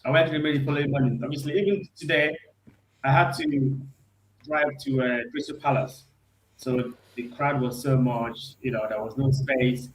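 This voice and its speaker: A hoarse man calling in as a guest on a fan show. He sounds elated, keeps repeating himself and talks haltingly with many ums. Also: medium pitch, fairly even intonation, roomy sound, a little hiss or hum, low-quality recording. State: hoarse from screaming. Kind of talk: casual chat.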